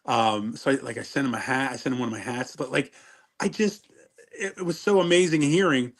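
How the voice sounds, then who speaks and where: A man's voice: medium pitch, brisk. A middle-aged man, a former wrestler telling stories in a casual interview, rambling and cutting himself off mid-sentence. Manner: rambling, self-interrupting storyteller.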